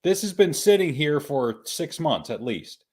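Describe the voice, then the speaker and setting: A man's voice: on the high side, sing-song, measured pace, breathy edge. A male podcast host in casual chat. He jokes, laughs often and repeats himself as he steers the show.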